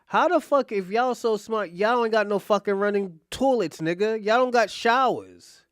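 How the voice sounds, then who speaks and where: High-voiced man, crude mocking commentary. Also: normal speed, clean tone, no room sound, studio quality. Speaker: host. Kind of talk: profane reaction commentary.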